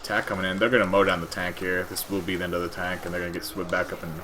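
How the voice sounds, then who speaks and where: A man with a very low, deep voice calls a competitive video game match. His play-by-play is relaxed and matter-of-fact. A faint hiss of noise sits under the voice. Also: rapid-fire. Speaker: game commentator. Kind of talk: esports commentary.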